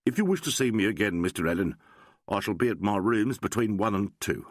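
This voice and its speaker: A proud, stiff-mannered doctor, every word formal and exact, as a male narrator puts him on. The voice sits low and ranges widely. It is heard close and dry, with no room sound. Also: lively intonation, a little fast, dry recording. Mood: solemn. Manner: stiff formal precise speech.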